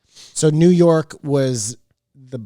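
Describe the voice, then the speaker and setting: A man with a mellow, darker tone rambles through stories, his thoughts trailing off with fillers. The sound is close and dry, like a small podcast setup. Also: fairly high pitch, very slow, no echo. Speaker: podcast co-host. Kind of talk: casual chat.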